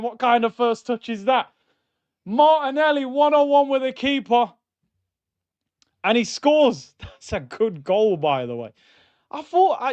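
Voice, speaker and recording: Male watchalong host, fired-up match banter, a bit high, slightly muffled dry mic. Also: no echo. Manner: excitable, banter-heavy, shouts at goals. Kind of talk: live match watchalong commentary.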